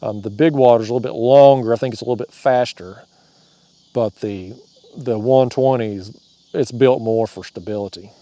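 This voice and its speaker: A man with a drawl talks on a fishing livestream from his kayak, reading out comments and cracking jokes. His voice sits at an ordinary pitch and sounds dry and close, with crickets and insects buzzing outdoors at night. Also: normal speed, mellow, no echo. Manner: drawling, joking, laughs at his own jokes.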